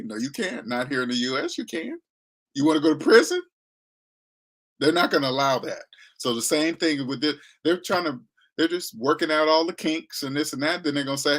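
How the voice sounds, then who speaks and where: A man's voice: fairly high pitch, animated, a little fast, fairly bright tone. Blunt slangy man lecturing. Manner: blunt, lecturing, slangy, mocking voices he imitates. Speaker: finance commentator. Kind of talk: casual monologue.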